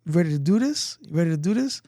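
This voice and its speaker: A swaggering young male recruiter, cocky and smooth-talking, as a man puts him on in a story. His voice rides higher than the storyteller's own and keeps a gravelly edge. It sounds close and dry. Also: expressive, fast talker, dark tone, no echo. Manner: swaggering, calls him baby.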